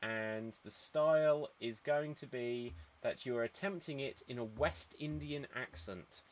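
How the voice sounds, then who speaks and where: A man hosting an online improv show over a video call, brisk and chatty, laughing often. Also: mid-range voice.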